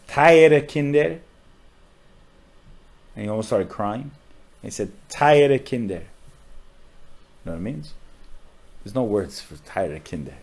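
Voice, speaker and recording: A man, a rabbi on a podcast, tells a story with strong feeling, often saying "like" and dropping to a hushed voice at sad moments. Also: fairly low pitch, slightly rough. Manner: emotional storyteller with frequent "like" fillers.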